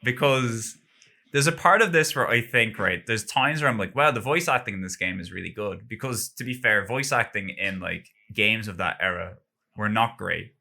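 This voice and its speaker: A man's voice: fairly low pitch, normal speed, vocal fry, bright, forceful tone. A man chatting casually on a gaming podcast, rambling and filling his talk with "like". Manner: rambling, heavy use of "like". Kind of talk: casual chat.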